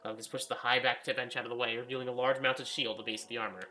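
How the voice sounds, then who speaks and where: A man narrating a fantasy story aloud in a casual read-aloud style, reading quickly and often stumbling and correcting himself. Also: mid-range voice, little pitch movement, bright, forceful tone.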